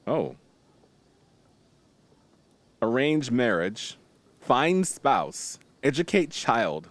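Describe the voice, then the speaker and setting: A man's voice: lowish voice, moderate pace, long pauses, no room sound. A man casually playing a strategy game on stream, reading tutorial text aloud and joking with viewers in a playful way. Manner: playful, jokey, chats with viewers, bursts of excited exclamations.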